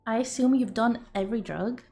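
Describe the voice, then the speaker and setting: Young woman streamer, loose and giggly, talks off the cuff over soft background music. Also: fairly high pitch, brisk, vocal fry. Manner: rambling, giggly, swears freely. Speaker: streamer and artist. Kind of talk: casual stream chat.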